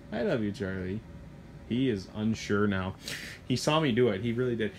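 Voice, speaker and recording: At a normal pace with frequent pauses, a middle-aged man speaks in a medium-pitched voice about a truck sold at his hobby shop. He's casual and animated, wandering into asides and swearing mildly, with slight background noise.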